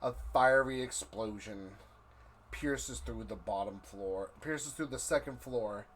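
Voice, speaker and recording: A man's voice: medium pitch, a bit bright, a little hiss or hum. A man narrating as game master of a tabletop game, drawing out his descriptions. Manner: slow, drawn-out, vivid description.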